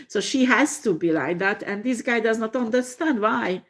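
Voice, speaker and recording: A woman reading tarot in a slow, halting way, with many fillers and frequent laughter. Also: a little high. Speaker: tarot reader.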